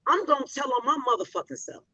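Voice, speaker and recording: Animated high-pitched blunt woman host. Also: quick pace, dry recording. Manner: blunt, profane, emphatic. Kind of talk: casual candid chat. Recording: muffled dry sound.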